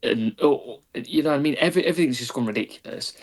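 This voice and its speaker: Halting British man on a podcast. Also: medium pitch. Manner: halting, repeats words while finding his point. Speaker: podcast co-host. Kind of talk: casual podcast chat.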